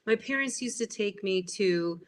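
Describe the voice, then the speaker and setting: Woman in her 50s, guest on a podcast, animated storyteller, does little voices. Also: medium pitch, moderate pace. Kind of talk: storytelling interview.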